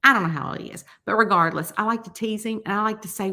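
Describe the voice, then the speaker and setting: A woman's voice: medium pitch, fairly quick, hardly any pauses, pushed and bright. A middle-aged woman, chatting casually and telling a folksy story, acting out the quotes. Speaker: mystery author hosting a weekly chat.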